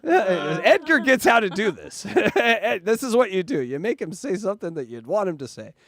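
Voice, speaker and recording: A man hosting a casual livestream, joking around and hyping donations in an excitable way. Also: high-pitched, a little fast, a crowd in the background. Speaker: livestream host.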